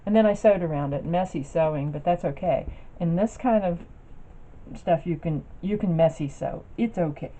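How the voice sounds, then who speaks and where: A woman's voice: on the low side, normal speed, warm tone. A woman chatting casually in a rambling way, with lots of fillers and restarts, as she shows her craft projects to the camera. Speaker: craft vlogger. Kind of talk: casual show-and-tell chat. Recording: dull lo-fi sound with faint noise.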